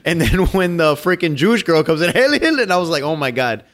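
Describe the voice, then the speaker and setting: A man's voice: a little high, fast talker. A man in casual conversation about a movie, swearing casually, laughing, and quoting scenes in goofy voices.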